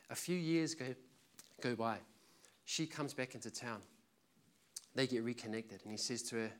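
A man's voice: mid-range voice, normal speed, long pauses, slight background noise. A man preaching a sermon with passion and emphasis, telling a story to make his point.

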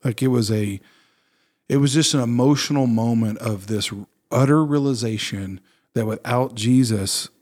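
A man's voice: mid-range voice, normal speed, a little mellow. A man in casual conversation on a faith podcast, thinking aloud in an earnest, reflective way. He often circles back with fillers and restarts.

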